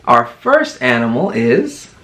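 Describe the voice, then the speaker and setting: A man teaching toddlers in a children's educational video, talking in a slow, exaggerated, encouraging sing-song and playfully imitating animal sounds. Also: mid-range voice, wildly swooping pitch, fairly bright tone, slight background noise. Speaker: teacher and kids' entertainer.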